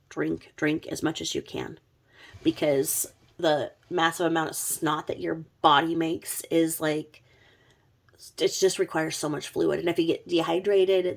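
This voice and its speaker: Woman host, low and gravelly, sick with covid; casual, blunt, sweary commentary. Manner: chatty, blunt, swears freely. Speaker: true crime commentary host.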